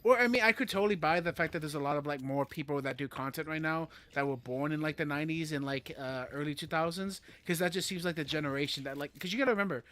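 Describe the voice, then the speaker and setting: Male streamer in his thirties, bright, slightly high voice, rambly and excitable. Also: quick pace, hardly any pauses. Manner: rambling, excitable, swears, many fillers. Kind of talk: casual gaming stream chat.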